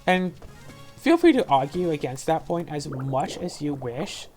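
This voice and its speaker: Low-voiced young woman venting frustrated. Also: sing-song, unhurried, a little mellow, faint music behind. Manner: rambling, venting in a frustrated, sarcastic tone. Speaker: let's play host. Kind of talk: casual commentary while gaming.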